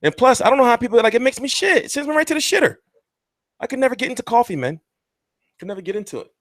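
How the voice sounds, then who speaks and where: A man's voice: very high-pitched, big pitch swings, racing, a bit bright, no echo, clean studio sound. A man hosting a casual boxing livestream, rambling and joking crudely as he chats. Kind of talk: casual live-stream chat.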